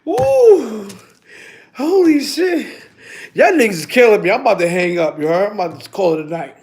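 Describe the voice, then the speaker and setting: A middle-aged man talking loudly to his livestream chat, laughing often, in heavy street slang. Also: high voice, lively intonation, fairly quick. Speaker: livestream host.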